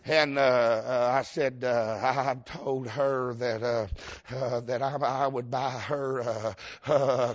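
A man's voice: medium pitch, fairly even intonation, slow. A man with a Southern US accent, a Baptist preacher telling a humorous story in a sermon, folksy and emphatic, laughing often and calling out to the congregation. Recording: dull lo-fi sound.

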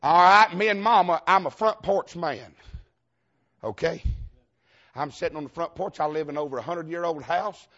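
Husky high Georgia preacher man. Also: normal speed, muffled recording. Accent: Southern US, Georgia. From Georgia, USA. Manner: folksy, self-mocking, laughs through his lines, bursts into shouts. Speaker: visiting preacher. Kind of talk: humorous storytelling sermon.

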